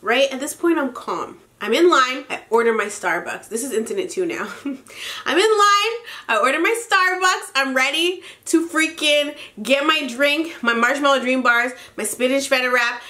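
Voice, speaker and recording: A woman's voice: sits high, normal speed, hardly any pauses, pushed and bright. A young pregnant woman vlogging, telling an exasperated story in a casual ranting style and swearing freely. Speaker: beauty vlogger.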